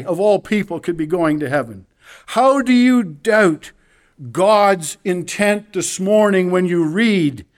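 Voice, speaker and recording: High-voiced emphatic male preacher. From Canada. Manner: emphatic preaching, swinging from hushed to loud. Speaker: pastor. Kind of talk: sermon. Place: church.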